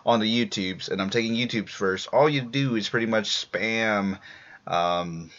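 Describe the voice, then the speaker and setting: Worn-out male stream host, rambling and filler-heavy, low-ish voice, muffled lo-fi sound. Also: measured pace, a bit bright. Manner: rambling, many fillers and restarts. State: tired after a long workday. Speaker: live-stream show host. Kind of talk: casual live-stream shout-outs. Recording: dull lo-fi home stream audio.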